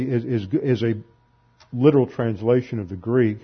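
A man's voice: mid-range voice, moderate pace, husky, muffled recording. A man giving a methodical classroom lecture on scripture, explaining the grammar step by step. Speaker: Bible teacher.

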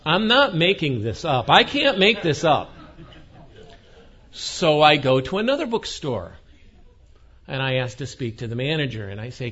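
A man preaching a sermon as a wry, animated story, acting out the people he quotes, on a dull lo-fi recording. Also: medium pitch, a little fast.

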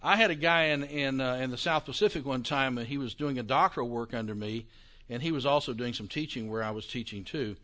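A man lecturing on Bible interpretation in a conversational, emphatic way, with quick asides. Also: mid-range voice, sharp tone.

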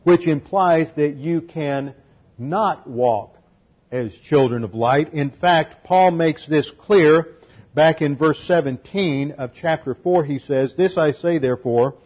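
A man's voice: fairly high pitch, unhurried, breathy edge, lo-fi sound. A man preaching an expository sermon, teaching methodically through numbered points and scripture. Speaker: pastor.

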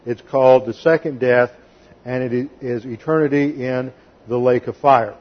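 Unhurried and steady in tone, a medium-pitched man preaches on lo-fi audio. It's a systematic Bible-teaching sermon in which the pastor reads scripture aloud, explains Greek grammar, and occasionally gives quotes a sarcastic voice.

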